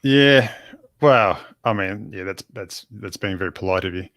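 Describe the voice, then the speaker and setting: A man's voice: fairly low pitch, normal speed, a bit bright, dry recording. A man with a New Zealand accent, a guest on a casual live-stream chat, trading playful jokes and banter. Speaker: guest radio operator.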